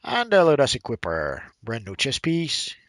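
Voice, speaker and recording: A man giving relaxed, chatty gameplay commentary and explaining things to new players as he plays. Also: medium pitch, moderate pace, no room sound. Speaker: gaming channel host.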